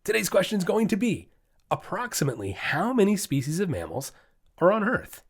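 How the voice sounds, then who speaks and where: A man's voice: high-pitched, big pitch swings, a little fast, breathy edge. A man hosting his own dog training podcast, talking solo in an emphatic, fired-up way that often slides into ranting.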